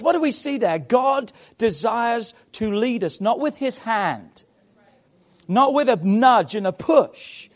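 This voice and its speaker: A man preaching a sermon to his church, emphatic and swinging between loud calls and hushed passages. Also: extremely high pitch, expressive, slow. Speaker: pastor.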